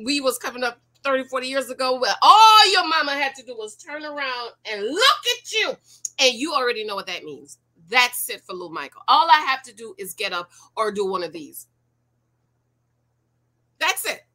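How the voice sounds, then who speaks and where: Woman, forties, bright voice, slightly high pitch, casual reaction commentary, preachy, rhetorical questions. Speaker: YouTube commentator.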